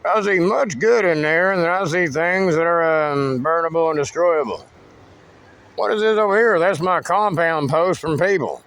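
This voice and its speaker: A man's voice: fairly high pitch, moderate pace, fairly bright tone. A man giving a rambling, cryptic walking tour of his wooded land outdoors, swearing freely. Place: outdoors in woods.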